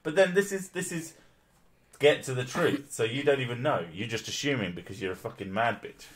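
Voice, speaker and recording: A man's voice: medium pitch, fairly quick. A man who streams, reading an article aloud in casual chat, swearing and mocking it with frequent laughs.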